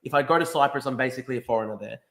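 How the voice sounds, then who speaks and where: A man's voice: medium pitch, very fast, fairly bright tone. A man in a heated casual debate, pushy, swearing casually and pressing with repeated questions. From Australia.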